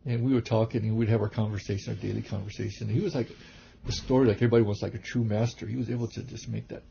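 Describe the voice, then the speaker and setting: A man, a kung fu teacher and reverend, telling rambling, animated stories in a casual interview, with many restarts. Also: on the low side, very fast, creaky, slight background noise. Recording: dull lo-fi recording.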